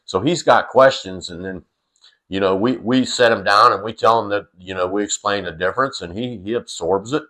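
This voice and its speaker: Low-voiced rambling man. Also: normal speed, sharp tone. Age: middle-aged. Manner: rambling, full of fillers and restarts, salty. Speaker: storyteller. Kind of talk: casual storytelling.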